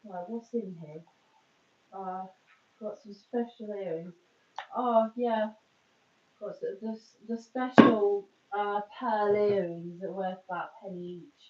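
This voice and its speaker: A woman's voice: mid-range voice, steady tone, measured pace, long pauses, a little hiss or hum. A woman chatting casually on a live stream from her phone, rambling and poking fun at herself. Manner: rambling, chatty, self-mocking. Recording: dull, echoey, far from phone mic.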